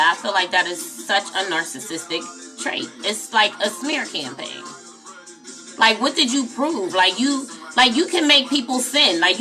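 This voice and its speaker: A woman's voice: medium pitch, sharp tone. A woman hosting a casual late-night livestream, chatty and talking straight to her viewers as y'all. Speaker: livestream host.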